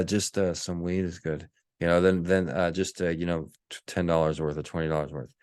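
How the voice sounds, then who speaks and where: Low smooth-voiced guy rambling a story on his podcast, lots of restarts, dry sound. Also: no echo. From Texas. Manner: rambling, many restarts and acted-out quotes. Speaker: podcast host. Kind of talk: casual storytelling monologue.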